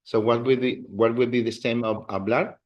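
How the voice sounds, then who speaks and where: With a steady, mid-range voice and the highs cut off in the recording, a Spanish teacher patiently explains verb endings. He moves slowly and leads his students in call-and-response drills.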